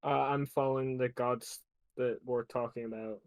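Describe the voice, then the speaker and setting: A man taking part as a player in a tabletop game, answering briefly and casually. His voice is flat and even, with a dry, close sound. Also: mid-range voice, moderate pace, no room sound. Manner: laid-back, brief replies.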